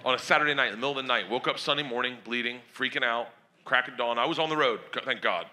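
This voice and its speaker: A middle-aged man doing stand-up, telling a crude, animated story about his daughters. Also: mid-range voice, very fast. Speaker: stand-up comedian.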